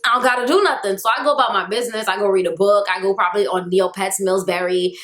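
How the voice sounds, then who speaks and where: A young woman telling a storytime vlog in an animated, exasperated way, full of slang. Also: mid-range voice, fast, roomy sound. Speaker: vlogger.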